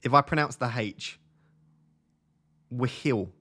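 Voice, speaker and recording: Chatty young man with a softened Essex accent. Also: mid-range voice, animated, fairly quick. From Essex, England. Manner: chatty, laughs often, reads chat questions aloud. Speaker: fantasy football streamer. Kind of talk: casual live-stream chat.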